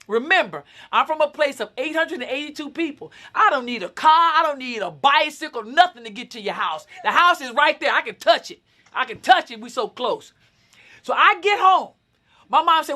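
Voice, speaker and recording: High-voiced woman telling a lively story. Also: fairly quick. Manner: lively, dramatic, acts out scenes with shouts. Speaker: motivational speaker. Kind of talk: animated personal storytelling.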